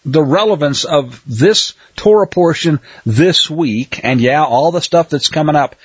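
A man's voice: a little high, dry recording. A man teaching a Torah portion in sermon style, emphatic and given to sarcastic asides. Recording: dull, husky, dry audio.

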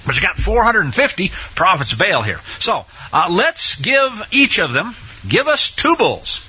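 A man preaching a sermon, retelling scripture in a colloquial, animated way and acting out the quotes with shouts. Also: high-pitched, moderate pace, slightly rough. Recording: dull lo-fi recording.

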